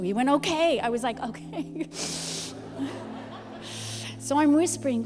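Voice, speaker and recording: A woman's voice: high-pitched, lively intonation, measured pace. A middle-aged woman pastor telling a personal story in a sermon, acting out both sides of the conversation. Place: church. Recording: long hall reverb with music behind.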